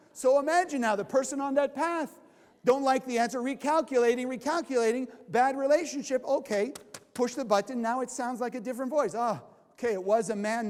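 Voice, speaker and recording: High-pitched man teaching a class, lots of rhetorical questions, echoing lecture hall. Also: a little mellow. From California. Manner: asks the audience questions and answers them himself. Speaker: Kabbalah teacher. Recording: long hall reverb.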